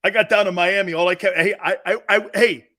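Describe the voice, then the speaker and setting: A middle-aged man from Connecticut hosting a sports talk show, telling stories loudly, laughing and acting out the voices of people he quotes. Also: sits high, fairly even intonation, brisk.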